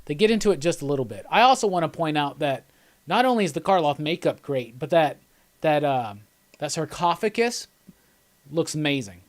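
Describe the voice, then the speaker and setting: A man with a slightly high, animated voice runs a live movie commentary at a normal pace. Casual and excited, he rambles and laughs as he chats with viewers.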